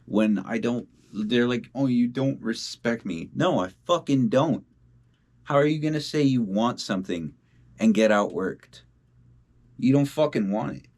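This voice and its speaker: At home, a young independent musician records a casual video diary, speaking bluntly and swearing heavily. His medium-pitched voice is animated and darkish in tone, with a slightly slow delivery.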